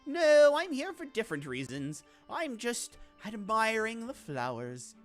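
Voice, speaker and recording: A cocky young mercenary gushes and leers, brash and excitable, as a woman puts him on. His voice bounces up and down in pitch, like a video game character read aloud. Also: unhurried, soft background music.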